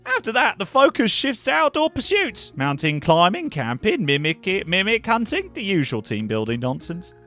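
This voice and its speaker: A man voicing a weary, polite woman mage and potion brewer in a higher put-on voice with a questionable accent, chatty and dry. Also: huge pitch swings, moderate pace, few pauses, pushed and bright, faint music behind, full character voice. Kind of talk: voicing characters in a cozy narrative game.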